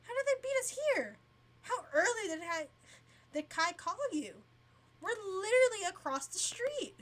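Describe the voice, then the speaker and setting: A woman voicing a flustered young adult sister in a game, reading her lines in a high exclaiming voice. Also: very animated, unhurried, fairly bright tone, heavily acted. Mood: baffled.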